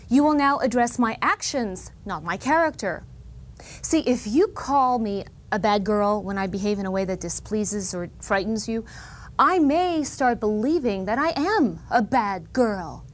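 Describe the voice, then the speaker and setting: A woman's voice: mid-range voice, lightly acted. A woman playing an earnest, precocious little girl who lectures her parents in a solemn, mock-formal comic monologue. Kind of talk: comedic monologue.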